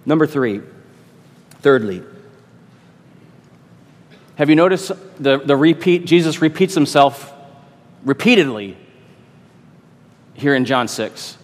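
A man's voice: mid-range voice, lively intonation, slow pace, long pauses, big-room sound. A man who is a pastor, preaching an expository sermon with emphatic repetition and rhetorical questions.

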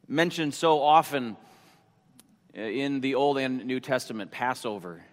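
A male pastor preaching a sermon slowly and deliberately, repeating his headings for emphasis. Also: medium pitch, expressive, a bit bright. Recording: long hall reverb.

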